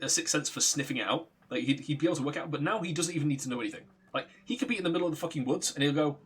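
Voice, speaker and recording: A man's voice: a little high, a bit bright, breathy edge. A man streaming a game, telling a story in a rambling, casual way, swearing and laughing often. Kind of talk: casual story narration while gaming.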